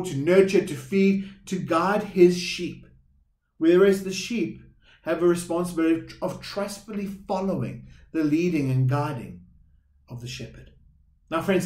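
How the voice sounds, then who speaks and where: A man's voice: a little high, roomy sound. A man preaching a sermon as pastor, earnest and repetitive, often addressing listeners as friends. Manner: earnest, repeats words, calls listeners friends.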